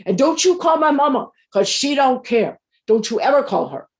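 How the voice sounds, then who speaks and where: A woman voicing an angry, defiant schoolgirl who speaks fast and loud. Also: high-pitched, lively intonation, voice pushed up, heavily acted.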